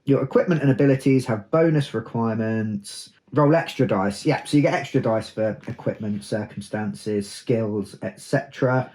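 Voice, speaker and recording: A man's voice: lowish voice, normal speed, few pauses, darkish tone. A British man hosting a casual unboxing, chatty, reading rules aloud with dry asides. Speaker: host unboxing a tabletop game.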